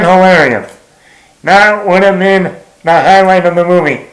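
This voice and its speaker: A man's voice: a little slow, a bit bright. Exasperated swearing male movie reviewer. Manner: blunt, exasperated, swears freely, quotes lines in a higher voice. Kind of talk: casual spoken film review. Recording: echoey room.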